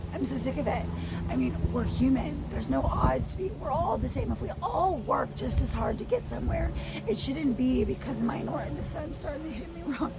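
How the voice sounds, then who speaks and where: A woman vlogger in an angry personal rant, her voice hoarse and froggy and out of breath, blunt and swearing, dropping to whispers and rising to shouts. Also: high voice, very noisy. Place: outdoors in sunlight.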